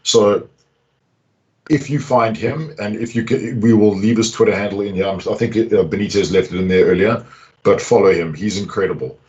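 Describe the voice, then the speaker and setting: Excitable man hosting a live online event. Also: lowish voice, moderate pace. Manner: excitable, jokey, chatty. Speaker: host. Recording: dull lo-fi call audio.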